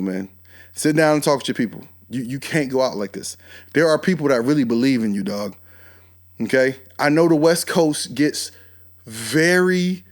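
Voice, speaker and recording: Guy hosting a podcast, kinda high voice, animated and chatty, calls people out directly. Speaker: podcast host. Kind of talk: casual commentary.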